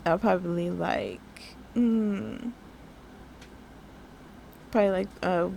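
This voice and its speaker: A woman's voice: on the low side, takes it slowly, creaky, warm tone, slight background noise. A young woman chatting casually over her nail art tutorial, upbeat and full of fillers.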